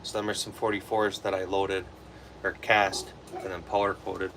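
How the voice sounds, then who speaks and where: Young Wisconsin guy, low voice, rambling livestreamer talk, steady background noise. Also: normal speed. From Wisconsin, USA. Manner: relaxed, rambling, answers chat comments. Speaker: livestream host. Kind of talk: casual livestream chat while reloading ammo.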